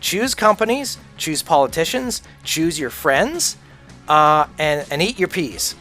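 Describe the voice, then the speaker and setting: Blunt, profane man with a high voice. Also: sing-song, slow pace, sharp tone, soft background music. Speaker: livestreamer. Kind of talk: casual rant while gaming.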